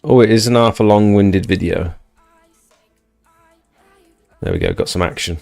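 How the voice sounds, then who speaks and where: A man with a notably deep, low voice hosts a relaxed livestream, chatting loosely and reading viewer comments aloud. The sound is dry and close, with faint music playing underneath. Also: normal speed, no echo. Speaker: livestream host. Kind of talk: casual livestream chat.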